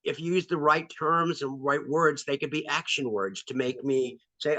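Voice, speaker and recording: A male actor as interview guest, talking candidly and pausing often with ums. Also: mid-range voice, sharp tone, no room sound, rough recording. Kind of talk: casual interview.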